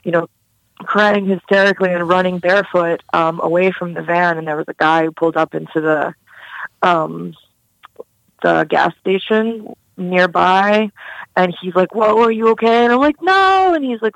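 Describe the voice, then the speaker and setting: A woman's voice: on the low side, fairly even intonation, normal speed, creaky, dry recording, low-quality recording. A young woman recounting a personal story in an interview, casual and candid with many fillers. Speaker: guest.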